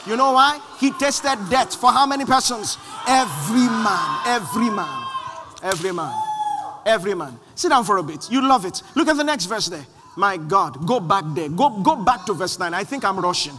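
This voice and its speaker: High-pitched animated preacher. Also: male voice, moderate pace, over music. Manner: animated, shouting refrains, acts out quoted voices. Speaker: pastor. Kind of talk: sermon. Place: large church hall. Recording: long hall reverb.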